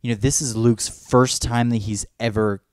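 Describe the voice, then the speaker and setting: Chatting as a podcast co-host, he gushes casually as a fan, wanders off on tangents and acts out lines from movies. The mid-range, darkish voice holds a steady tone at a moderate pace. It's studio quality, with no room sound.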